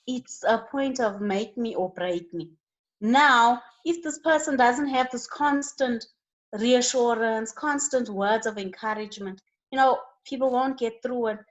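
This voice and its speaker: Woman guest, slightly high pitch, earnest, preacherly, emphatic bursts. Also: dull audio. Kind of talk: faith testimony in a studio interview.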